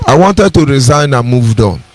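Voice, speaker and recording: A man's voice: mid-range voice, sing-song, moderate pace, no echo. A man with a Nigerian accent giving an impassioned, preacherly radio address and repeating his key phrases. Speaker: radio broadcaster.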